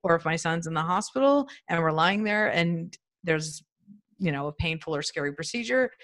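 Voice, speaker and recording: Fifty-something woman on a podcast call, kinda low voice, thoughtful and halting, lots of "like". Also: expressive, fairly bright tone. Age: 50s. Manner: earnest, reflective, talks in short halting phrases with many "like"s. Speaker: guest. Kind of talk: casual podcast interview. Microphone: remote audio call.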